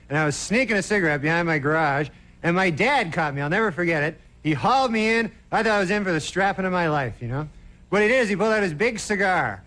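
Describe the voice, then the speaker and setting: A man's voice: high-pitched, pushed and bright. A man doing a stand-up routine on a television studio stage, with a loose, rambling delivery full of "you know" and "uh". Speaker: stand-up comedian.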